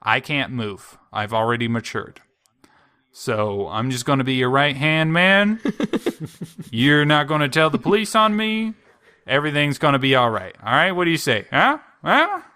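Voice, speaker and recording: A man voicing a male alien parasite living in a boy's right hand, talking fast and cajoling. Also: a little high, lively intonation, pushed and bright, clear, resonant tone, voice pushed up.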